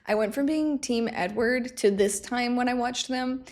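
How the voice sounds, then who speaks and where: Young female vlogger, casual chat, self-deprecating, laughs easily, slightly high voice. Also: a little slow.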